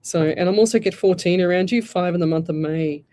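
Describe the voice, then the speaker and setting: A woman's voice: fairly low pitch, a little fast. An Australian woman hosting a live radio show, giving psychic readings in a chatty, rambling way. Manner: chatty, rambling, warm asides like "lovey". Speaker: psychic medium radio host.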